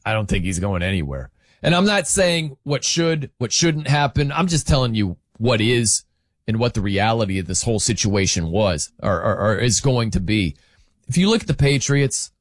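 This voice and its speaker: Animated, emphatic male sports talk host. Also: on the high side, dry recording, studio quality. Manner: animated, emphatic, rambling with restarts. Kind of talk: opinionated sports commentary.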